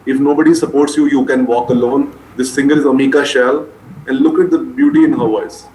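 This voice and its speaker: A man's voice: medium pitch, fairly even intonation, fairly quick, darkish tone. A man giving a medical lecture, repeating key terms so students can write them down. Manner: repetitive, drilling key terms for exams. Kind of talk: classroom lecture. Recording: roomy echo, faint noise.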